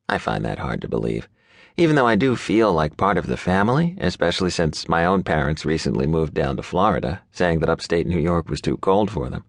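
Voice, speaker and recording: Deep-voiced male audiobook narrator. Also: very animated, moderate pace, no echo, clean studio sound. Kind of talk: first-person scripted narration.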